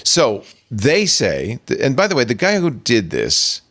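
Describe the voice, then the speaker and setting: Animated male talk show host. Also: mid-range voice, a little slow. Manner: animated, playful, reads aloud theatrically. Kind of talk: casual tech talk show.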